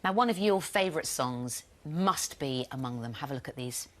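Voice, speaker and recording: A woman's voice: extremely low pitch, animated, moderate pace, soft background music. A woman co-hosting a TV chat show, chatty and playful as she links between items. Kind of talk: presenting a live magazine show.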